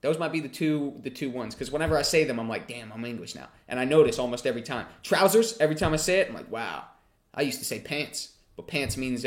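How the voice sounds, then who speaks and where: A man hosting a casual livestream Q&A. He reads chat questions aloud and answers them in a chatty way, swearing freely. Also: mid-range voice.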